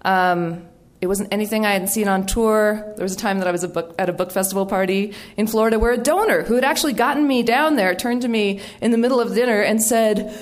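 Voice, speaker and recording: A middle-aged woman from the United States tells a story from her life as an author. She speaks in a wry, animated way and slips into quoted voices along the way. Her pitch sits in a middle register. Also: fast talker, few pauses. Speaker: author giving a talk. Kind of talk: storytelling talk.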